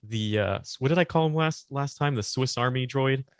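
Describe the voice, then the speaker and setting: Co-hosting a podcast, a man with a medium-pitched voice chats casually at a moderate pace, rambling, frequently hunting for words, and laughing along. The sound is clean, with no echo.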